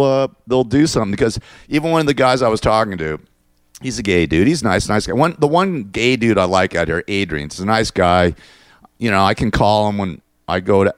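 A man's voice: low-pitched, smooth, no echo, clean studio sound. A man hosting his own show, ranting in a crude, sarcastic and mocking way. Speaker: show host. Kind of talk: ranting monologue.

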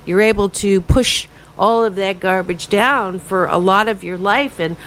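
A woman's voice: medium pitch, measured pace, low-quality recording. Lady radio host rambling about self-love, lots of uh's, faint noise in the studio. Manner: animated, self-promoting, conversational with frequent fillers. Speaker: radio talk show host and happiness coach. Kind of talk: talk radio monologue.

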